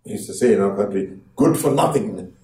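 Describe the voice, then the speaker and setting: A man preaching a sermon as pastor, dramatic, acting out quoted voices and swinging from hushed to loud. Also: lowish voice, expressive, fairly quick. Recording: echoey room from far off.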